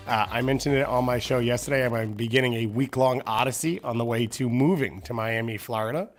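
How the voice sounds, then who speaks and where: A man's voice: mid-range voice, fairly quick, hardly any pauses, soft background music. Rambling young man hosting a live stream. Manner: rambling, self-mocking. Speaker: podcast host. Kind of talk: casual live-stream chat.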